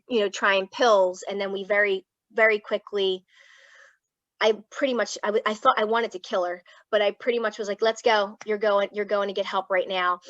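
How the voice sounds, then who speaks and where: A woman's voice: mid-range voice, a bit bright, no echo, muffled recording. A woman with a Philadelphia accent, a clinical psychologist, telling her family story candidly and casually, at times through tears. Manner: emotional, tearful at times, frank and casual. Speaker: guest speaker, clinical psychologist.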